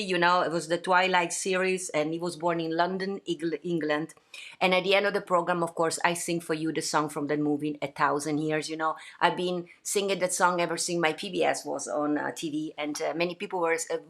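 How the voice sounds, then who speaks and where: A woman's voice: low voice, a bit bright. A woman with an Italian accent hosting a livestream from her home, chatting with many fillers and restarts. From Italy. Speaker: host. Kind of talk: livestream chat.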